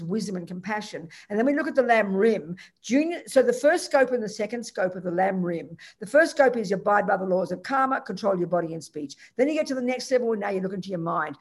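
A woman's voice: medium pitch, lively intonation, a little fast, hardly any pauses. A woman teaching Buddhist ideas, answering a student directly and emphatically, acting out quoted lines.

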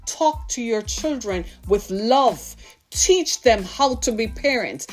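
A woman's voice: on the high side, animated, slow pace, faint music behind. A woman in her fifties preaching a sermon, impassioned and full of rhetorical questions to her listeners. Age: 50s.

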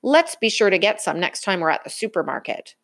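A woman's voice: mid-range voice, sing-song, brisk, vocal fry, no echo, studio quality. A woman reading aloud and voicing a fussy, indignant father bear from a storybook. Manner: indignant, fussing.

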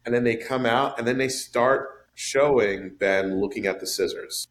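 A man in casual podcast chat about a film, animated and swinging his voice up high for emphasis. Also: measured pace. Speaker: podcast panelist discussing a film.

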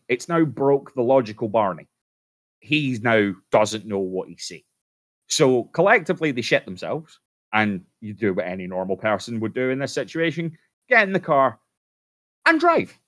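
A man's voice: mid-range voice, fairly bright tone. A man co-hosting a podcast, telling a story casually with swearing and jokey asides. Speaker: podcast co-host.

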